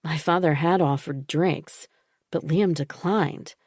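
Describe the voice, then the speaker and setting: A woman reading a first-person psychological thriller audiobook in a steady, measured way. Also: low-pitched, no echo, studio quality. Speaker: audiobook narrator. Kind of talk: first-person scripted narration.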